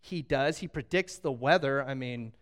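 A man's voice: mid-range voice, moderate pace, fairly bright tone. A man preaching a sermon, telling a Bible story with humor and acting out the characters' lines. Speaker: pastor.

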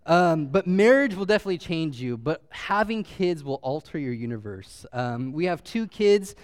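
Man in his thirties, casual storyteller, smooth and a touch high, laughs through his stories. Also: sing-song, normal speed. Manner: chatty with frequent fillers, laughing as he talks; heartfelt, chokes up when sentimental. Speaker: speaker sharing a personal story.

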